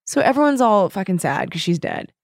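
A woman in casual chat about a book, animated, laughing often and quoting the characters. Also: medium pitch, fairly quick, vocal fry, no room sound, studio quality. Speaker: book discussion co-host.

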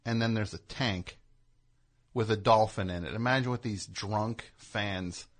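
A man's voice: lowish voice, unhurried. A man hosting a radio chat show, joking and riffing on bits with his guest. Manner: jokey, riffs on bits with laughs. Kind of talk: casual comedic chat.

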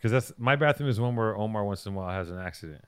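A man trading crude, casual banter as a podcast cohost. His voice is bright and forward, and he tells his stories with mocking punchlines. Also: on the low side, lively intonation, clear, resonant tone. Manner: profane, storytelling, quick to mock. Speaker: podcast co-host.

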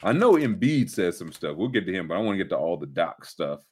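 Lively low-voiced man in casual sports chat. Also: quick pace, husky. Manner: loose, animated, drops into mock voices and impressions. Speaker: podcast host.

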